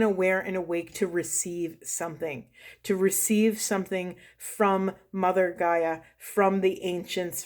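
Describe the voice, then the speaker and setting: A woman, a spiritual coach, doing an oracle card reading to camera in a soft, earnest, heartfelt way that turns tearful. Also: mid-range voice.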